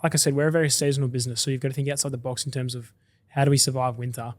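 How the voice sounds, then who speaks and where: A man's voice: medium pitch, little pitch movement, no room sound. A man, a drinks company founder talking through his business in a casual, enthusiastic podcast interview. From Australia. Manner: chatty, quick and enthusiastic.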